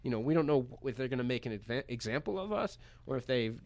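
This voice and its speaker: Male guest, American, mid-range voice; animated, chatty raconteur for a radio interview. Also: mid-range voice, fast. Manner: animated, chatty, laughs while telling the story. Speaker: poker pro guest. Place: radio studio.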